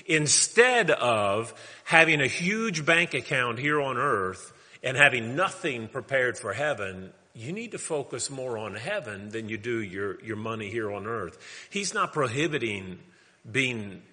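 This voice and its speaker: A man preaches a sermon in a bright, forceful voice that rings out with a long hall reverb. He explains earnestly, quotes scripture, and often stumbles and restarts his phrases. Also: mid-range voice, big pitch swings, unhurried.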